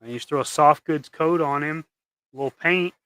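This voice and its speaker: A man's voice: fairly high pitch, fairly quick, pushed and bright, clean tone, dry recording. A man hosting a casual livestream while he paints custom action figures, rambling and trailing off into mumbles.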